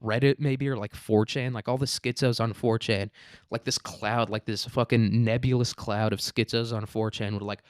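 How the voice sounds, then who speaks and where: A man's voice: medium pitch, steady tone, normal speed, no echo. Crude rambling young man, dry close mic. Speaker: host. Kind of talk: profane comedic news commentary.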